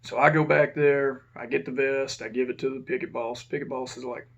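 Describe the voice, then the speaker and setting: A former prison officer telling a casual, profane story and acting out the dialogue. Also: male voice, medium pitch, fairly even intonation, a little fast, gravelly, dull audio.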